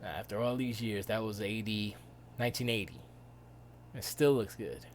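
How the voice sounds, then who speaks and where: A man's voice: lowish voice, normal speed, slight background noise. A man hosting a live stream, chatting casually in a rambling, joking way. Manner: rambling, joking, trails off into laughter. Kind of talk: casual chat.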